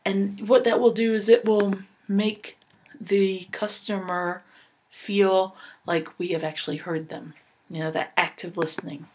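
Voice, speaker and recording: Woman, training presenter, mid-pitched voice, earnest, instructive, casual fillers. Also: little pitch movement, unhurried, darkish tone, a little hiss or hum. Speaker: volunteer trainer.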